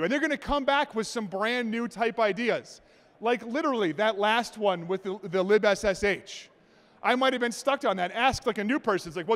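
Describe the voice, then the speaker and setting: A man giving a conference talk, telling jokes and acting out stories in an animated way. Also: very high-pitched. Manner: animated, joking storyteller. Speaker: conference presenter. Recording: long hall reverb.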